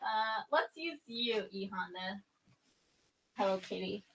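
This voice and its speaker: With a mid-range voice and a slow pace, a young woman guesting on a podcast tells a story in an animated, casual way. She laughs a lot and mimics her own reactions with loud squeals.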